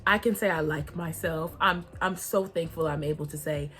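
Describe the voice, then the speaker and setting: A young woman talks straight to her viewers in a casual, reflective vlog. Her voice sits a little low, and she comes across as heartfelt and chatty, with easy laughter running through her talk. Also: moderate pace, a bit bright, faint music behind. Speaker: vlogger.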